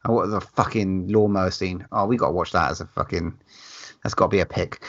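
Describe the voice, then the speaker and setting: A man's voice: low-pitched, steady tone, brisk, dull audio. A man co-hosting a casual film chat, enthusiastic and sweary, laughing between phrases. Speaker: podcast co-host.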